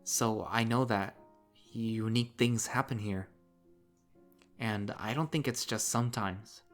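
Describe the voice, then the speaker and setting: Murdoch: soft, reassuring young fox with a determined streak, read by a man, low and unhurried, from a visual novel. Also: faint music behind, close to an everyday voice. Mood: earnest.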